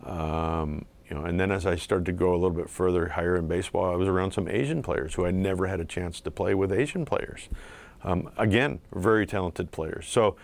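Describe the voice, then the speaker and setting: A middle-aged former ballplayer from southeastern Pennsylvania talks through his memories in a very low voice. He speaks haltingly, with many fillers and restarts, reflective and unhurried in a casual interview. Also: vocal fry. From southeastern Pennsylvania, USA. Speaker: former pro pitcher, guest.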